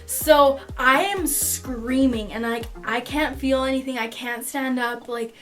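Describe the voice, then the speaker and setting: A young woman telling a personal story in a casual vlog, animated, swearing freely and laughing mid-sentence. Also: sits high, a little slow, soft background music. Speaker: vlogger.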